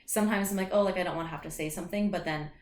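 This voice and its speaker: A woman's voice: on the low side, very fast, echoey room. A woman in her late twenties, a soccer player and coach, chatting casually as an interview guest and filling her talk with "like" and restarts. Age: late 20s. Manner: talkative, many "like" fillers and restarts.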